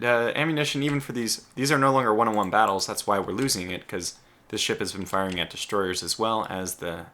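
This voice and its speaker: The sharp voice of a man on the low side carries this let's play commentary. Thinking out loud, he trips over restarts and blurts out exclamations as his keyboard clicks away.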